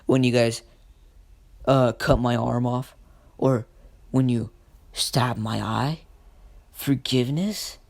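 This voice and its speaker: A man's voice: medium pitch, a little mellow, dry recording. A man voicing a vengeful Naruto. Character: vengeful young male ninja, bitter and menacing.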